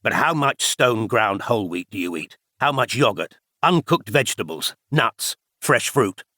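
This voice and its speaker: A man's voice: lowish voice, lively intonation, moderate pace, sharp tone, dry recording, studio quality. A man reading the part of a severe older male spy chief who lectures emphatically. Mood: lecturing.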